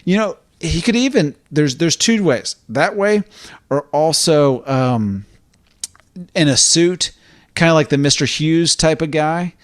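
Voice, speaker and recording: A man's voice: a little high, lively intonation, unhurried, dry recording, studio quality. A man co-hosting a podcast in casual chat, thinking aloud and sometimes acting out lines in character. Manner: thoughtful, acts out lines in character. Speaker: podcast co-host.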